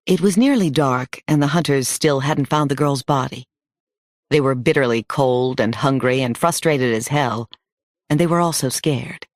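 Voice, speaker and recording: A man reading an audiobook in a steady, measured storytelling manner. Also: fairly high pitch, dry recording, studio quality. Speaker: audiobook narrator. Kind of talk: scripted audiobook narration.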